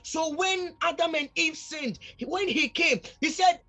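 A male pastor preaching a fervent sermon, repeatedly calling out to the congregation and swinging between shouting and near-quiet. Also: very high-pitched, a little slow, faint music behind.

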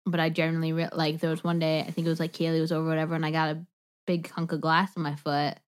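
A woman from the American South co-hosts a casual podcast. She talks in a playful, jokey, animated way with a somewhat low voice. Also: fast talker. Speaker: podcast co-host. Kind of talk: casual chat.

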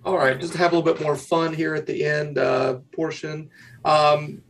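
Playful man co-host, higher voice. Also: level tone, normal speed, vocal fry. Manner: playful, joking questions. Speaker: podcast co-host. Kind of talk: casual interview.

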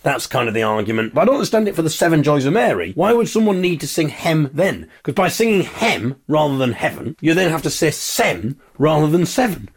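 A man's voice: a little high, very animated, brisk, hardly any pauses, husky. A man, a podcast host delivering a comic monologue with exasperated, wry ranting.

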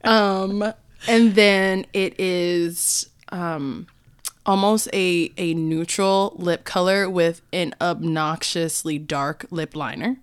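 An American woman co-hosting a podcast in casual chat, animated and laughing often, with lots of fillers. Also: lowish voice, slow, smooth. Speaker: podcast co-host.

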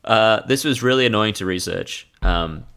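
A man with a low, gravelly voice and plenty of vocal fry, co-hosting a relaxed comedy podcast. He delivers his jokes dry and deadpan. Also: normal speed. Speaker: podcast co-host. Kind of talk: casual comedic chat.

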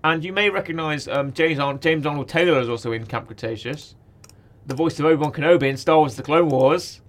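A man's voice: on the high side, a little fast. A man co-hosting a podcast, chatting casually about a cartoon series, rambling, correcting himself and laughing often. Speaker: podcast co-host.

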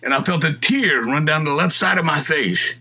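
A middle-aged guest shares his personal testimony in a folksy, earnest manner at a normal speed. His voice is bright, forceful and a little high for a man, with a husky grain, and he builds to loud, impassioned appeals.

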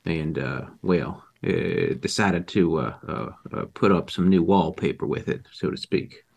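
A cagey rural witness with a very low, deep voice stumbles through his account, as a man plays him in a tabletop game. He hedges with fillers and folksy turns of phrase, slow to get to the point. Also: vocal fry, darkish tone, exaggerated voice. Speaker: player character being questioned. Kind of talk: improvised tabletop role-play.

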